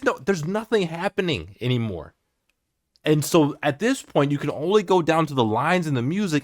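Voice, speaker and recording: A man's voice: a little high, sing-song, moderate pace. A man whose first language is German, giving casual reaction commentary as a music reaction host, exasperated and mocking.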